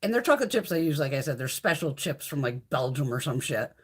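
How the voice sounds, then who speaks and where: Chatty, husky woman, lively pitch. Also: fast. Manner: chatty and profane, reads out viewer comments. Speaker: beauty livestream host. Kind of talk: casual live chat.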